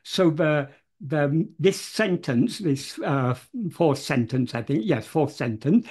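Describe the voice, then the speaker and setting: A man talks through the meaning of a devotional verse at an unhurried, slow pace. He is measured and careful, stopping often on hesitant fillers and restarting his phrases as he explains each word. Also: fairly high pitch, expressive, a little mellow, breathy edge. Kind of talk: unscripted explanatory talk.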